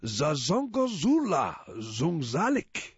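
A man voicing eager little aliens who host a banquet, with a squeaky, drawn-out way of talking. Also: huge pitch swings, breathy edge, dry recording, full character voice. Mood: welcoming. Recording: muffled lo-fi recording.

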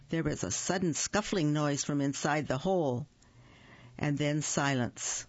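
Slow, gravelly woman reading children's stories. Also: low voice, dry recording, lo-fi sound. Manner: slow, gentle storytelling with sung hums. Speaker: radio reader for children. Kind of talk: storybook reading.

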